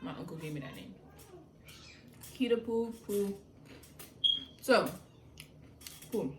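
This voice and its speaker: A young woman tells her story in quick, slangy bursts, acting out what others said. She sits back from the mic, so the room's echo comes through. A faint hiss stays under her voice. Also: medium pitch. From New York. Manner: animated, slangy storytelling with quoted dialogue. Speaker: vlogger. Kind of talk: casual storytime. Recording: echoey room from far off, faint noise.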